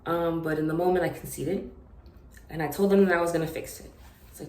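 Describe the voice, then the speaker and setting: Low-voiced young woman, halting and hesitant. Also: steady tone, a little mellow, reverberant. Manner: halting, many fillers and restarts. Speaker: vlogger. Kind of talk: unscripted personal story.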